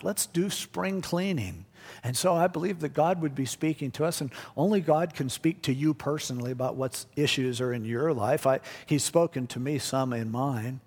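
Husky pastor preaching in a hall. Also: male voice, medium pitch. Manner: conversational, jokey preaching. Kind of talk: sermon. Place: church.

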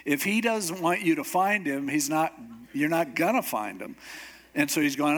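A man's voice: a little high, unhurried. A man preaching a sermon as a pastor, telling a story with humor and acting out the characters' voices. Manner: animated, acts out voices of characters; humorous asides.

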